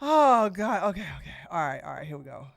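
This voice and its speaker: A woman hosting a live news podcast, loud and exclamatory, laughing often. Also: lowish voice, sing-song, a little fast, creaky, dry recording. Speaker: podcast host. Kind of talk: live political commentary.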